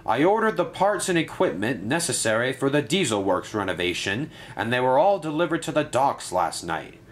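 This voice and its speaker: A man's voice: medium pitch, big pitch swings, moderate pace, voice pushed up, lightly acted. A man voicing a stern older male railway controller who speaks in a formal, grave way. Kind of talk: storybook narration.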